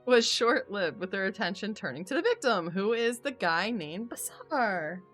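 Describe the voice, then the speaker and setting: A woman's voice: medium pitch, sing-song, moderate pace, a bit bright, faint music behind. A woman author hosting a casual live-stream book chat, chatty and laughing often, with casual swearing. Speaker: author and host.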